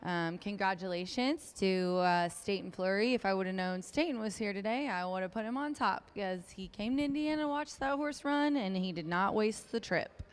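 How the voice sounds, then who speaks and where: A woman's voice: medium pitch, moderate pace, hardly any pauses. A woman working as a racetrack handicapper, giving a chatty, upbeat race preview with frequent ums.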